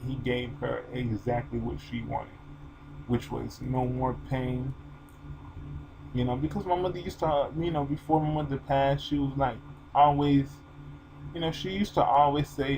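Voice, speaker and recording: Gravelly man telling a personal story. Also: medium pitch, fairly even intonation, normal speed, darkish tone, slight background noise, low-quality recording. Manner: emotional, informal, rambling storytelling with many fillers. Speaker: vlogger. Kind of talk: personal video monologue.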